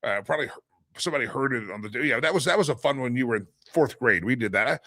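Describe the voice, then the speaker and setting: A man's voice: on the low side, expressive, fast, fairly bright tone, dry recording. A middle-aged man hosting a daily live stream in a casual monologue, rambling, repeating himself and restarting sentences, with the odd chuckle. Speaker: show host.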